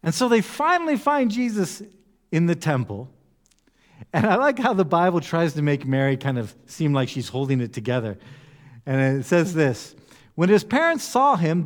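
A man preaching a sermon in an animated way, now and then acting out voices with humor. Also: fairly high pitch, moderate pace. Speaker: pastor. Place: church hall. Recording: long echo of a church hall.

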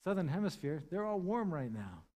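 Male pastor, sermon, emphatic then hushed, voices scripture figures. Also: high voice, very animated, moderate pace. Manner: impassioned, swings between loud emphasis and hushed tones; retells scripture, acting out the speakers' lines.

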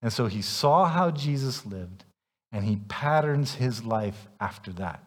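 A man's voice: medium pitch, animated, a little slow. A man preaching a sermon as pastor, emphatic and challenging his congregation directly, heard in a church sanctuary. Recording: long reverb of a church hall.

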